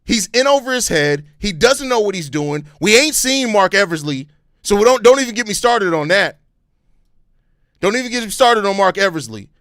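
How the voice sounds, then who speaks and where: A man's voice: high voice, normal speed, no room sound, studio quality. A man hosting a sports podcast live, giving impassioned, heavily profane fan commentary. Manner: calmer, apologetic stretches between outbursts.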